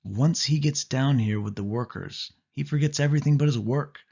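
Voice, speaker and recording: A man's voice: mid-range voice, normal speed, darkish tone, breathy edge, pitched above the performer's own voice. A man voicing a bossy, teasing young girl cousin in a pushy, sing-song way in a storybook reading. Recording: dull lo-fi audio.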